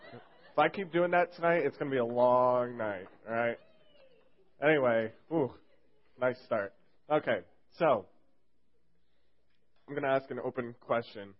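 This young man speaks slowly in a mid-range voice, pausing often. He's a fill-in youth group speaker giving a casual sermon full of jokes, tangents, and fillers, captured on a dull lo-fi recording.

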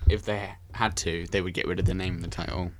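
A man's voice: low voice, level tone, quick pace, darkish tone, slight background noise. A young man hosting a casual podcast, rambling enthusiastically about films and often correcting himself. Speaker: podcast host. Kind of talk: casual film chat.

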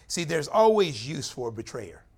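Middle-aged man, longtime pastor; folksy, conversational preacher who jumps high and loud for emphasis. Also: moderate pace. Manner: folksy, animated preaching with sudden high-pitched bursts. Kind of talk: sermon.

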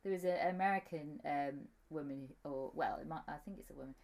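A woman's voice: deep voice, a little fast, vocal fry, a little mellow. A woman co-hosting a casual comedic chat, giggly and rambling with lots of ums. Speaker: podcast co-host.

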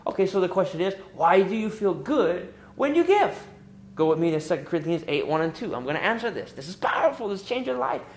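A middle-aged man preaching a sermon as pastor, lively and emphatic, pushing up into high exclamations. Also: fairly quick. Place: church sanctuary. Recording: echoey church room.

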